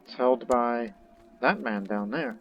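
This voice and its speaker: Speaking slowly in a steady, medium-pitched voice, a man rambles casually through his strategy-game let's play, thinking aloud along the way. Faint game music and slight background noise sit in a dull, lo-fi recording.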